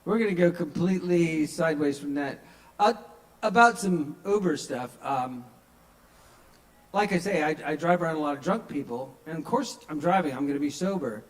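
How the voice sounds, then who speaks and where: A man's voice: fairly high pitch, animated, moderate pace, poor audio. Chatty male stand-up storyteller. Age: under 45. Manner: conversational storytelling, acts out quoted voices. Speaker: open mic comedian. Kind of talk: stand-up comedy set. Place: small kava bar at an open mic.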